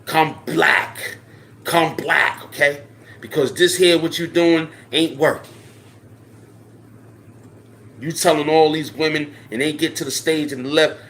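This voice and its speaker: Male vlogger, middle-pitched voice, profane confrontational rant with repeated dares, faint background noise. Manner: swings from low mutter to loud challenge. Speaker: channel host. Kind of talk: direct-to-camera rant.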